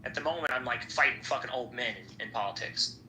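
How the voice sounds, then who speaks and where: A man's voice: medium pitch, fast, bright, forceful tone. A young man hosting a podcast, chatting casually in a rambling, profane way. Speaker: podcast host. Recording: echoey room, faint background noise.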